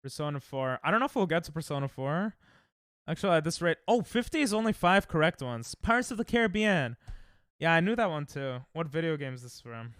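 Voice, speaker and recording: Young man, streamer, excitable, lively swings in pitch, smooth clear voice. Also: fairly quick, no echo, clean studio sound. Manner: excitable, reactive, thinks aloud. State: tired. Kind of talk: casual live-stream chat while playing games.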